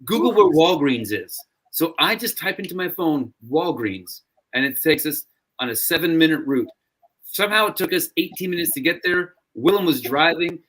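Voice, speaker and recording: A man co-hosting a casual podcast chat, telling stories in an animated, mock-exasperated way. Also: fairly high pitch, moderate pace. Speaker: podcast co-host.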